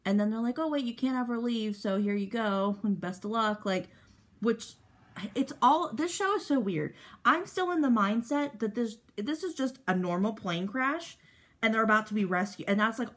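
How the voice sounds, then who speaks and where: Doing her makeup on camera, a young woman vlogger talks in a mid-range voice, rambling casually through lots of fillers and becoming lively whenever something excites her.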